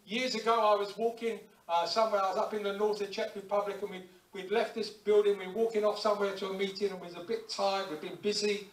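A man preaching a lively sermon in a church, acting out little everyday scenes and prayers as he goes. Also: high voice, fast talker, hardly any pauses. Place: church hall. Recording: echoey church hall, distant mic.

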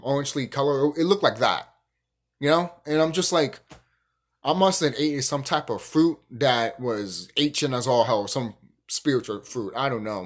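A young man hosting his own channel, ranting emphatically and profanely in a casual spiritual monologue, often restarting his sentences. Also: on the high side. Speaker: YouTube channel host.

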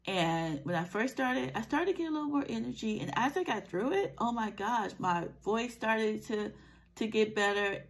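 A woman's voice: mid-range voice, expressive, moderate pace. A woman coach talking in an earnest, encouraging vlog, her throat scratchy from a cold. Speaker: life coach. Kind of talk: motivational vlog talk.

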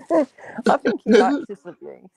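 A woman's voice: a little high, very animated, drawn-out words, gravelly, darkish tone, husky, dry recording. An Irish woman trading crude, brash trash talk in a joking livestream panel chat. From Ireland.

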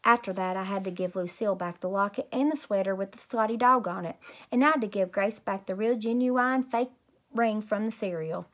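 A woman teacher reading a children's chapter book aloud at bedtime, lively and expressive. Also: medium pitch, a little fast. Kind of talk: bedtime story read-aloud.

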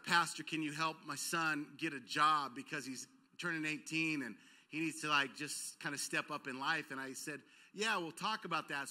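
Pastor guy preaching, high voice, super bright and sharp, tells stories and acts out the dialogue. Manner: storytelling, acting out dialogue, rising to emphatic peaks. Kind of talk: sermon with personal stories. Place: church auditorium.

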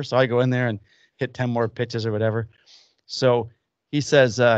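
A man's voice: medium pitch, a little fast, no echo. A man in his fifties hosts a podcast from what sounds like a home workshop, spinning loose, rambling stories and acting out what other people said. His voice sits in an ordinary middle range. The recording is dull and a bit muffled, with a close, dry sound. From Illinois. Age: 50s. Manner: rambling anecdotes with acted-out quotes. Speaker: podcast host. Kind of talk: casual storytelling chat.

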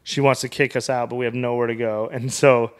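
A young man from Wyoming tells a long story in a relaxed, rambling way, the way a comedian talks when he is a podcast guest. His voice sits at an ordinary middle pitch. He keeps stopping to quote the people in his story. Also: brisk. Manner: rambling anecdotal telling with quoted dialogue. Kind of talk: casual storytelling in a podcast interview.

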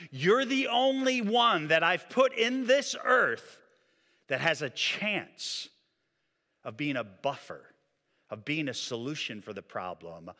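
Male pastor preaching in a church hall. Bright, lively voice with long hall reverb. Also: mid-range voice. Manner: animated preaching, drops to quiet emphasis. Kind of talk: sermon. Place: church sanctuary.

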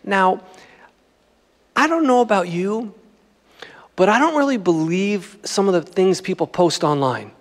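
A man's voice: sits high, lively intonation, measured pace, long pauses, in a large hall. A man preaching a sermon as pastor, in a conversational, joking style. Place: church sanctuary.

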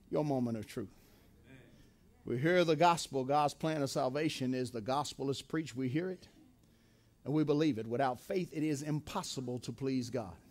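A man preaching in a church, his voice pitched high and gravelly with a rough edge. He works in rhythmic repeated refrains, climbing to shouts and sinking back to a low murmur. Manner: rhythmic repetition, builds to shouting then drops low. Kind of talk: sermon.

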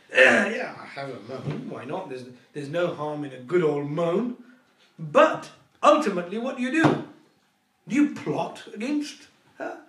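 Man, Quran lecture, animated storyteller, fairly high voice, roomy echo, faint background noise. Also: unhurried, long pauses. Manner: animated storyteller, repetitive, laughs often. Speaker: Islamic scholar lecturer. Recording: echoey room, distant mic, faint noise.

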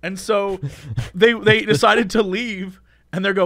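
A man co-hosting a podcast, telling a story in casual chat with animated swings between loud bursts and mumbled asides. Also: sits high, unhurried, no room sound, studio quality. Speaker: podcast co-host.

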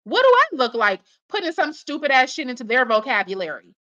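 A woman's voice: high voice, huge pitch swings, fairly quick, bright, forceful tone, dull audio. A woman giving profane reaction commentary, blunt and scolding, swearing heavily as she rants. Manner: mocks others in put-on voices.

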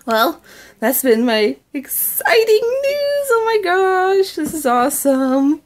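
A woman vlogging to her viewers, giddy and squealing with excitement. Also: very high-pitched, slow. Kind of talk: excited casual vlog chat.

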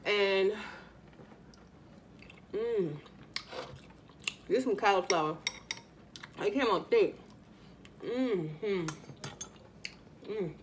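This Louisiana mukbang host speaks extremely slowly, with long pauses, in a medium-pitched voice over a faint hiss or hum. Still chatty, she addresses viewers as y'all and eats between lines during the casual show.

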